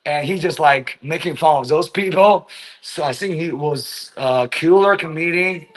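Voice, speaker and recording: Recorded with poor audio, this man's voice is on the high side. He's a Chinese vlogger speaking English as a second language, drifting slowly through a casual monologue with constant fillers and plenty of swearing.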